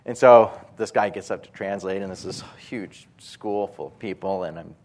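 A male preacher telling animated, self-mocking stories in a sermon, often breaking into voiced impressions. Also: low-pitched, normal speed. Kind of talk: storytelling sermon.

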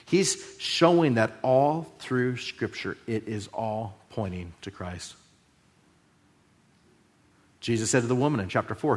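A man preaching a sermon, moving between loud emphasis and hushed, drawn-out phrases. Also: medium pitch. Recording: long hall reverb.

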